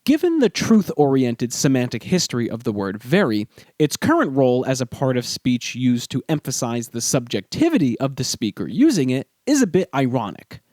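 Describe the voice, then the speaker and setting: A man narrates a scripted language lesson in a measured, explanatory way. His pitch moves a lot, rising sharply on the words he stresses. The recording is close and dry, with no room sound. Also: no room sound. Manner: measured, explanatory, lively emphasis on key words. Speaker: podcast host.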